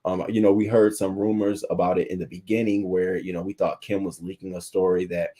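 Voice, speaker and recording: A man hosting a celebrity gossip live stream, chatting in a casual, animated way and greeting viewers in the chat. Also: sits low, brisk. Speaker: celebrity gossip show host.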